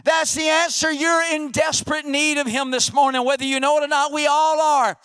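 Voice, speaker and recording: A middle-aged male pastor preaching a sermon, who gets pumped up like a sideline coach and builds to emphatic, shouted questions. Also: very high-pitched, fairly quick, no room sound, clean studio sound. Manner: energetic, rising to emphatic repeated questions.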